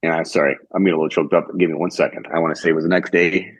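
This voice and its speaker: A man's voice: deep voice, level tone, racing, husky, no echo, rough recording. A young man from Michigan, a podcast guest, earnestly recounting events step by step and quoting what others told him. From Michigan, United States. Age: young adult. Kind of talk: conversational storytelling.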